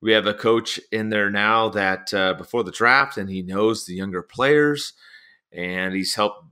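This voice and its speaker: A man hosting a sports podcast in casual chat, a chatty and animated storyteller. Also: on the low side, unhurried, clear, resonant tone. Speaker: podcast host.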